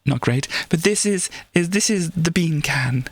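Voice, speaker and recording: A woman streamer talks casually on a live stream in a gravelly, fry-heavy voice. She rambles, restarts her sentences often and slips into playful put-on voices. The sound is dry and close, with little room in it. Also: sits low, lively intonation, a little slow, no room sound. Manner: rambling, with many restarts and laughs. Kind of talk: casual livestream chat.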